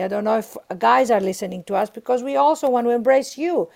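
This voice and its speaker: A woman's voice: a little high, quick pace, vocal fry, hardly any pauses, darkish tone. A middle-aged woman, a guest author, talking earnestly about prayer in an interview and acting out the inner voices she describes. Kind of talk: warm spiritual interview talk.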